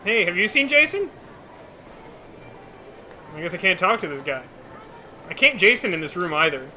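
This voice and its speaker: A man's voice: sits high, sing-song, moderate pace, bright, forceful tone, a little hiss or hum. A man streaming a video game, joking and rambling to his viewers in casual commentary. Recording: game music playing behind.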